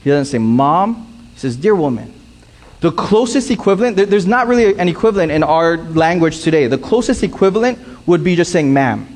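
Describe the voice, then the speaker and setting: A male pastor delivers a sermon in a somewhat high voice. He repeats his main points slowly so the congregation can take notes, and he slips into playful high-pitched impressions. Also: animated, a little mellow. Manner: repeats key lines slowly for emphasis.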